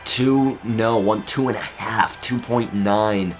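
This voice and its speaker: Guy doing hoarse-ish wrestling game commentary, lowish voice, gets loud on big moves. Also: slow, soft background music. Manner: excitable, shouts at big moves. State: voice going hoarse. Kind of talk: play-by-play commentary.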